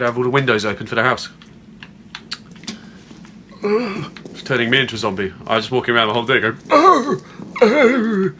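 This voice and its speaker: A man chatting his way through a horror game with a bright, forceful voice. His manner is playful and chatty, and he keeps up a running commentary to his viewers. A faint hum of noise sits behind him. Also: mid-range voice. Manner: playful, chatty, talks to viewers while playing. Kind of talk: casual let's-play commentary.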